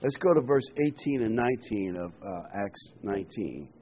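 A man preaching a sermon, reading Bible verses aloud and explaining them with lively asides and a joke. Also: lowish voice, moderate pace, slight background noise. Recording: dull lo-fi sound.

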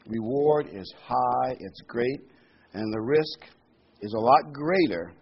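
A man preaching a sermon to his congregation. He leans hard on key words and repeats them, with loud bursts on the stressed ones. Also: mid-range voice, slightly rough. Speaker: pastor. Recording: slightly dull lo-fi sound with faint room noise.

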